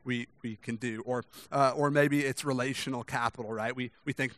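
A man's voice: steady tone, normal speed, few pauses, no echo. Conversational young male preacher, dry sound. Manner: conversational, many restarts and "right?" tag questions; acts out quoted voices with sharp rises in pitch and volume. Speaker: pastor. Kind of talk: sermon.

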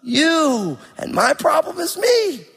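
A middle-aged man preaching a sermon with emphatic, animated delivery and rhetorical questions. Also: very high voice, slow pace. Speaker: pastor. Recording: long hall reverb.

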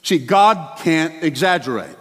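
A male pastor delivering a sermon in a church, animated and exclamatory, with chatty asides to the congregation. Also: a little high, unhurried, breathy edge. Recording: long hall reverb.

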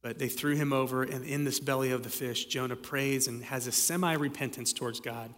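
A man giving a sermon as pastor, telling stories in a relaxed, conversational way with frequent fillers. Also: mid-range voice, fairly quick. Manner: conversational storytelling with many fillers. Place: church sanctuary. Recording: long hall reverb.

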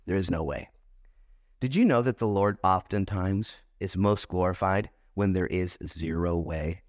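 A man's voice: fairly low pitch, no echo, studio quality. A middle-aged man preaching a sermon at a church service as its pastor, talking in a conversational, emphatic way and asking rhetorical questions.

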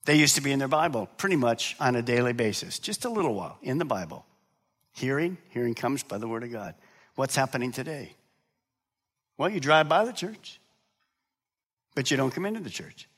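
A middle-aged pastor preaches, shifting between quiet, low asides and loud, high-pitched preaching, and he poses questions to the congregation that he answers himself. His intonation is lively, his pace a little fast with frequent pauses, and his voice slightly rough.

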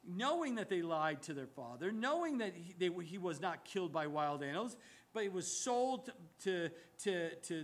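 A man preaching a sermon in an animated, emphatic way, often stopping to correct himself. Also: sits high. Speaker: pastor.

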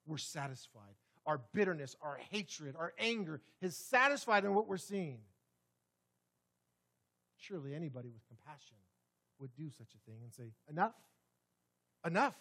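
A man preaching a sermon in a church sanctuary, swinging dramatically between loud, forceful passages and hushed ones. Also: fairly high pitch, lively intonation, moderate pace, pauses often. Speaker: pastor.

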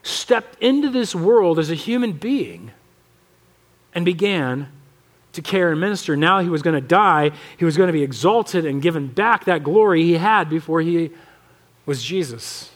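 A man with an American accent preaching a conversational, animated sermon as pastor of a church, often acting out the voices he quotes. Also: high voice. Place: church sanctuary.

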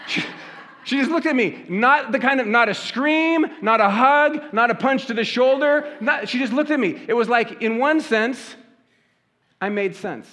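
A man's voice: extremely high pitch, a little slow, bright, forceful tone. A man delivering a sermon in a conversational style, telling stories and asking the congregation rhetorical questions. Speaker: pastor.

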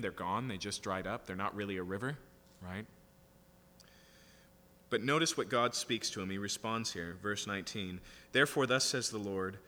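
Bright-voiced man preaching in a reverberant hall. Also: lowish voice. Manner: reads scripture aloud and paraphrases it conversationally, with frequent "right?" asides. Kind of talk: sermon, Bible teaching.

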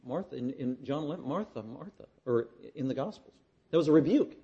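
A man preaching an expository sermon, emphatic and repetitive, swinging from loud declarations to hushed asides. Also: medium pitch, quick pace, highs cut off.

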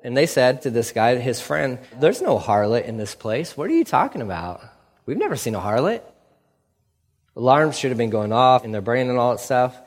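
A man preaching a sermon in an animated way, acting out the characters with sarcasm. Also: mid-range voice, normal speed, long reverb tail.

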